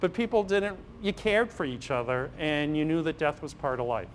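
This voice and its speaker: A man's voice: on the high side, normal speed. A middle-aged man speaks to a parish audience in a slightly raised voice. He tells stories and slips into the voices of the people in them, with a dry sense of humor. A faint hiss of noise sits under his voice. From Massachusetts, USA. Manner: storytelling, acts out dialogues with humor. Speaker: priest and physician giving a parish talk. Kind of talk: anecdotal public talk. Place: parish hall.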